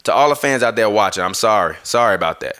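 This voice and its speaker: A man hosts a live basketball stream from a home setup, talking through a mixer. He rants in a bright, forceful voice, argues with his viewers and swears freely. He keeps breaking off to apologize for audio dropouts. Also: lowish voice, animated, fast talker. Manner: heated, swearing, argumentative, apologizes over audio trouble. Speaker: basketball podcast host. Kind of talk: live-stream sports rant.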